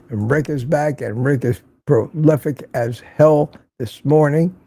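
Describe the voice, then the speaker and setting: A man's voice: fairly high pitch, dark tone, no echo. An older man hosting a casual livestream from Florida, reading viewer comments aloud and teasing them in a chatty way. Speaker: livestream host. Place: home in Florida.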